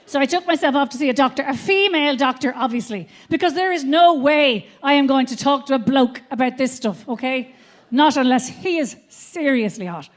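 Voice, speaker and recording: A woman's voice: high voice, a little fast. A woman in her fifties telling brash, profane stories as a stand-up comedian on a theatre stage. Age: 50s. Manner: brash, profane, animated storytelling. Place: theatre stage before an audience.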